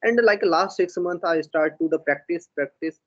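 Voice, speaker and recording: Halting Indian-accented man learning English. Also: a little high, dull audio. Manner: halting, broken English full of "uh" and "like". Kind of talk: conversation practice.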